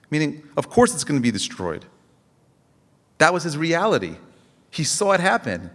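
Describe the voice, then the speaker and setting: A man's voice: fairly high pitch, huge pitch swings, moderate pace, pauses often, big-room sound. A man, a rabbi, giving an impassioned Tisha B'Av lecture, asking rhetorical questions and telling stories with frequent restarts.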